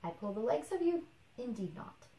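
A woman's voice: fairly high pitch, very animated, moderate pace, gravelly, warm tone, distant mic. A woman voicing a snobbish shiny new male passenger engine in a storybook, scornful in tone. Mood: snooty. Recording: roomy echo.

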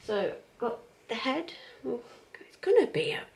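A woman's voice: a little high, very animated, unhurried, gravelly. A woman in her thirties chatting casually at home in a rambling, cheerful vlog, laughing often. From England. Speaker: vlogger.

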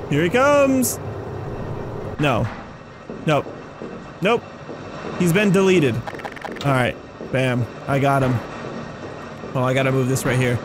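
A man giving excitable let's-play commentary, mocking enemies and yelping and screaming when chased. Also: on the high side, unhurried, long pauses, background noise. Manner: playful, mocks the enemies. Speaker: gaming commentator.

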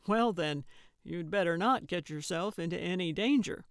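A woman's voice: on the low side, normal speed, no room sound, lightly acted. A woman voicing an exasperated, dry-witted male sidekick in an audiobook, speaking with weary sarcasm. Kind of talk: audiobook character voice.

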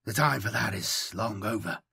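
A man voicing a towering warlord who speaks in a soft, thin voice with calm, unwavering conviction, in an audiobook. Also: medium pitch, unhurried, creaky, breathy edge, no room sound, clean studio sound, exaggerated voice. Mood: calm, commanding. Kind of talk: audiobook character voice.

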